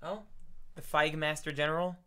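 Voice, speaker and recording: A man's voice: a little high, steady tone, sharp tone, clean tone. A man co-hosting a podcast in casual chat, joking around and laughing often. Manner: giggly, jokey, quick to laugh. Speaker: podcast co-host.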